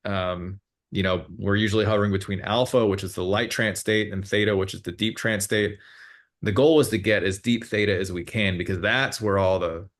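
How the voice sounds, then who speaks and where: A man's voice: fairly low pitch, fairly even intonation, moderate pace. A man working as a hypnotherapist, explaining his sessions in a casual interview, meandering, with many fillers and self-corrections.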